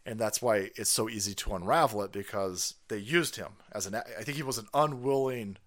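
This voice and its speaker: A man hosting a live stream, ranting crudely and excitably, with sudden loud bursts and fast runs. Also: lowish voice. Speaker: livestream host. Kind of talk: profane political rant stream.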